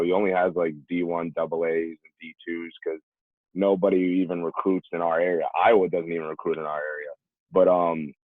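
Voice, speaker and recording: A man's voice: deep voice, no room sound. A young man from New York telling stories as a podcast guest, acting out the voices of people he quotes. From New York, USA. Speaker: podcast guest, former college running back. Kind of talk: casual storytelling. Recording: tinny phone-like remote line, dry.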